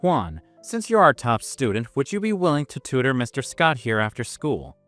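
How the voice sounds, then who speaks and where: A man voicing a stern, sarcastic female Spanish teacher with a sharp, cutting manner. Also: medium pitch, big pitch swings, normal speed, dry recording, faint music behind, voice pushed up.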